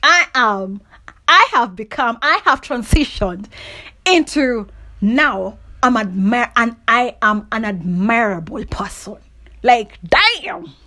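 A woman's voice: on the high side, slow. A young adult woman hosting a solo podcast, giving emphatic, motivational talk and often laughing. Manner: animated and emphatic, often asks "do you understand?", laughs often. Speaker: podcast host.

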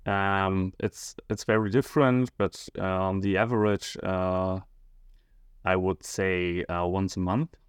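A male schoolteacher answering interview questions hesitantly, often pausing and searching for words. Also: low-pitched, fairly even intonation, clean tone, no room sound, studio quality. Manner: hesitant, many fillers and restarts, searching for words.

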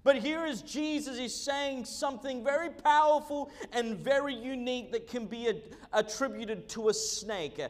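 Animated high-voiced male preacher, echoey hall. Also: moderate pace, hardly any pauses. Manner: animated preaching with humorous asides and many fillers. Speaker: pastor. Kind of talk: sermon.

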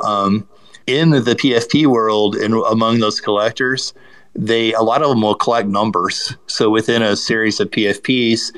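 Man, low voice, art collector guest, relaxed chat, explains at length, lots of ums. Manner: relaxed, explanatory, many fillers. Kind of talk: casual online audio chat.

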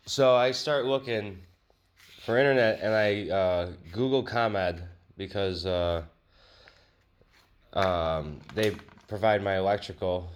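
A man hosting a podcast, telling a rambling, profane, joking story in a casual way. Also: low voice. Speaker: podcast host.

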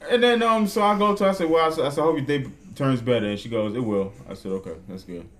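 A man's voice: medium pitch, fast. A man co-hosting a podcast, telling a work story in casual, profane chat. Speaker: podcast co-host.

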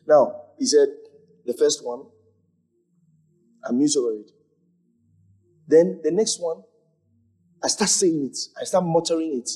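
A man pastor teaching a congregation, animated, repeating phrases and acting out moments as he preaches. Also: fairly high pitch, moderate pace, long pauses, slightly rough, soft background music. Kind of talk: church teaching with questions.

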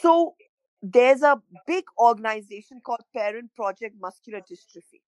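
A middle-aged woman, a parent telling her story in an interview, halting and emotional, often repeating words. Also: on the high side, animated, darkish tone, clear, resonant tone, dry recording, poor audio. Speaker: parent of a child with a rare illness, interview guest.

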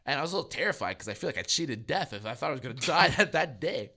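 A man's voice: mid-range voice, very fast. Man telling a story, swearing, laughing. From Canada. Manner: animated storyteller, swears, acts out voices with laughs. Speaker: podcast co-host. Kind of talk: casual chat.

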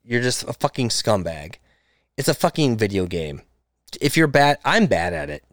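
A man's voice: medium pitch, sing-song, moderate pace, no room sound, clean studio sound. A young man hosting a casual gaming podcast, ranting emphatically and swearing a lot. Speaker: podcast host.

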